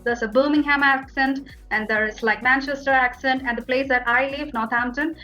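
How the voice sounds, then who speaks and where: A woman's voice: sits high, fairly even intonation, moderate pace, bright, forceful tone, soft background music, poor audio. A young woman from India with an Indian accent, talking casually as an interview guest and filling her speech with "like" and "you know". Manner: chatty, fillers like "like" and "you know".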